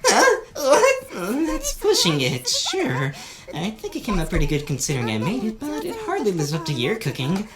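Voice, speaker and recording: A woman voicing a sweet, excitable young snake-girl monster in a game playthrough, gushing and emotional. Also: moderate pace. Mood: modest. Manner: gushing and emotional, high and squealing. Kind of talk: playthrough voice acting.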